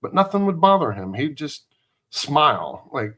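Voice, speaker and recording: Halting man, fondly reminiscing. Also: a little high, big pitch swings, bright, forceful tone. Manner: halting, fond reminiscing with many restarts. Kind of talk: casual chat.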